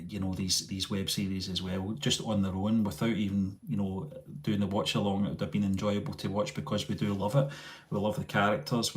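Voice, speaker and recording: A man hosting a rambling live chat with viewers, full of fillers and restarts, recorded on a mobile phone. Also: lowish voice. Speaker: channel host.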